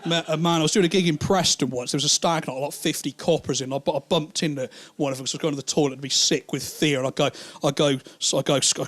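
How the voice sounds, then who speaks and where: A male stand-up comedian telling long anecdotes in an animated, rambling way, crude and quick to swear. His voice sits a little higher than most men's. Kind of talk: stand-up storytelling.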